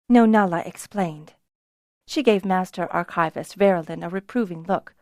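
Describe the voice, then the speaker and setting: A woman narrates a fantasy audiobook in a measured, scripted reading. Her voice sits a little low, and the recording is dry and close with no room sound. She lifts her voice when she speaks the characters' lines. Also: a little mellow, no echo. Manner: voices characters with rises in pitch and volume.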